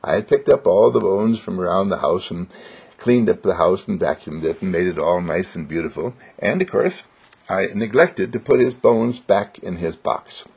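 A man's voice: deep voice, moderate pace, gravelly, darkish tone, husky. A man giving a spiritual motivational monologue in a sing-song, joyful way, repeating simple affirmations, on a dull lo-fi recording. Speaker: inspirational speaker.

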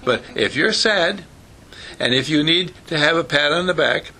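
Animated older man, gravelly storyteller. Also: fairly high pitch, normal speed. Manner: animated storyteller who acts out quoted voices. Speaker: speaker giving a talk. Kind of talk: folksy motivational talk.

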